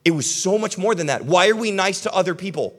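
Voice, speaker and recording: A young man preaching a sermon as pastor, talking animatedly and conversationally, then dropping to soft, earnest tones. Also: high voice, expressive, fast talker. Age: young adult.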